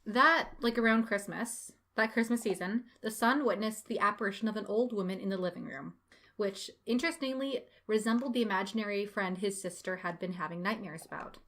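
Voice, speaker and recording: A woman's voice: medium pitch, fairly quick, a bit bright. A young woman co-hosting a podcast, casually retelling a haunted-house case and often breaking into laughter. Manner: giggly, laughs often while telling the story. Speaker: podcast co-host.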